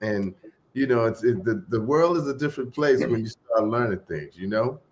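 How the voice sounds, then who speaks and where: A middle-aged man telling a long story as a podcast guest in a relaxed, casual way, trailing off into fillers and acting out the voices of the people in it. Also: medium pitch, moderate pace, noisy background. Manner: laid-back, acts out quoted voices, trails off into fillers.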